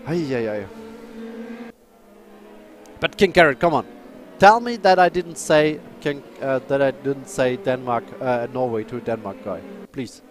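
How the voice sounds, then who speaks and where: A man who speaks natively, chatting and commentating a live sim race, excitable and apologetic. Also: mid-range voice, moderate pace, hardly any pauses, slight background noise. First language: German.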